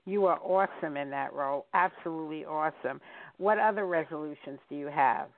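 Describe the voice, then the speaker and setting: A woman's voice: deep voice, a little fast, gravelly, no echo. A woman hosting a radio show, asking her guest chatty, teasing questions. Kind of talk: casual radio chat. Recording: tinny phone-like line.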